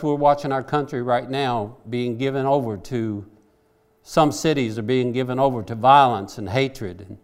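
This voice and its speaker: A man preaching a sermon, earnest and conversational, rising into impassioned pleas. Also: a little high.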